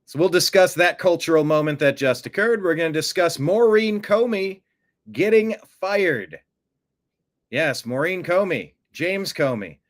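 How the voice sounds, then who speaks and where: A man hosting a political commentary show, animated and sarcastic, who often mocks others by putting on high voices. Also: a little slow. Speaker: host.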